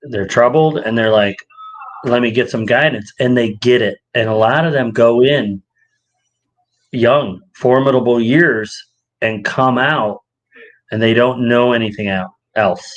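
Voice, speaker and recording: A podcast co-host speaks at a measured pace in low-quality audio during a laid-back chat. He tells stories with lots of energy, performing the quotes and letting his pitch climb as he does.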